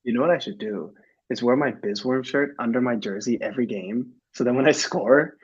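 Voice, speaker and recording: Easygoing young American guy, mid-pitched, husky, dull lo-fi line. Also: fairly quick. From United States. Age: young adult. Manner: laid-back, laughs often, loose filler-heavy talk. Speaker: guest, pro soccer player. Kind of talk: casual interview chat.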